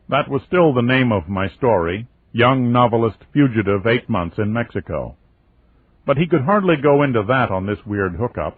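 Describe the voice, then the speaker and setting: A man reading a first-person novel aloud as an audiobook, in a steady, wry storytelling manner. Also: on the low side, husky. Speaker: audiobook narrator. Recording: tinny lo-fi phone-like audio.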